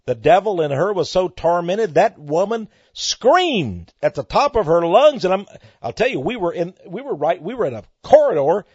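A man with a Texan accent preaching a fervent sermon, swelling loud on key words and repeating himself. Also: high voice, big pitch swings, moderate pace, slightly rough, no echo. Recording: dry, muffled lo-fi recording.

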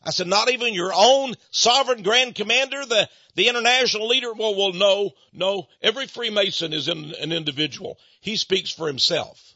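A man's voice: high-pitched, normal speed, hardly any pauses, sharp tone, dry recording. A man from the United States telling a story in a sermon, animatedly acting out both sides of conversations. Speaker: Christian speaker on Freemasonry. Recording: dull muffled lo-fi recording.

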